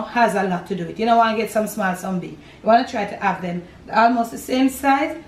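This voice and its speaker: Older Jamaican woman, cooking-show host, homely chatty delivery, mid pitch, faint kitchen noise behind. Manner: chatty, homely, explains as she works. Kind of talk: home cooking demonstration. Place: home kitchen.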